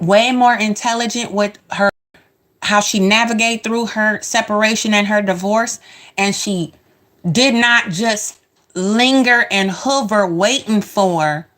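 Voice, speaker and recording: Woman host reacting to clips; sassy, emphatic, mid-pitched. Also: measured pace, fairly bright tone. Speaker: reaction commentator. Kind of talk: casual commentary over show clips.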